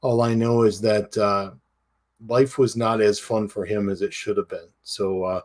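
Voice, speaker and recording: Male podcast co-host, lowish voice, casual and halting, full of fillers. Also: fairly even intonation. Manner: halting, many fillers and restarts. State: tearful. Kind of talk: casual chat.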